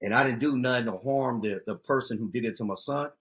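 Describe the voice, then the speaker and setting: Animated husky man telling street stories. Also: medium pitch, fast. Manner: animated street storyteller, loud outbursts. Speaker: guest, youth outreach founder. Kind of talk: casual storytelling interview.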